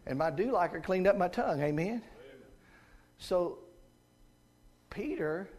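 A man with a Southern American accent preaching a sermon as a guest preacher, folksy, moving from hushed asides to shouted peaks. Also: sits high, animated, a little slow.

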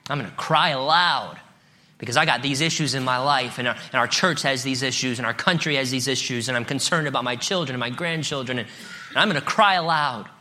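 A middle-aged man preaches a sermon in a bright, forceful voice. He moves between relaxed, conversational asides and rising, emphatic peaks. He also reads scripture aloud to the congregation. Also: mid-range voice, fast talker. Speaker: pastor.

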